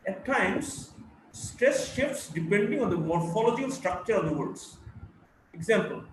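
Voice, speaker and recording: A man teaching a live phonetics class, slowly drilling word lists and explaining stress rules. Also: high voice, expressive, recorded from a distance, slight background noise. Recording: echoey room, voice from afar.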